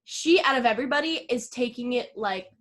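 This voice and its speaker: A woman co-hosting a podcast, recapping a film in a rambling, excitable way, full of "like" and swearing. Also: a little high, fairly quick. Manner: rambling, filler-heavy, lots of "like"; profane, excitable retelling. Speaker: podcast co-host. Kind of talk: casual film recap chat.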